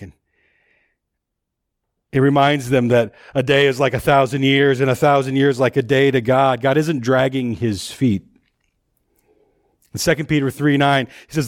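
A man's voice: medium pitch, normal speed, a little mellow. A man preaching a sermon in a conversational way, often repeating words as he thinks aloud.

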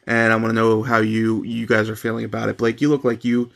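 A man's voice: lowish voice, flat delivery, fast, gravelly, a bit bright. A man hosting a casual wrestling podcast, upbeat and steering the talk between his co-hosts. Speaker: podcast host.

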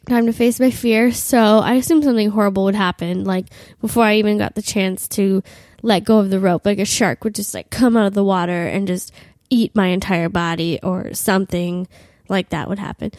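A woman's voice: mid-range voice, steady tone, normal speed, darkish tone, no echo. A young woman in her twenties with a cold, crudely and self-mockingly telling a comic travel story with lots of "like.". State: has a cold. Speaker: podcast host.

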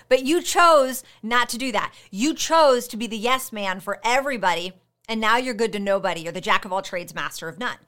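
Bright, direct woman coaching listeners. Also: medium pitch. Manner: direct, conversational, addresses listener with rhetorical questions. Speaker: podcast host and coach. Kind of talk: motivational podcast monologue.

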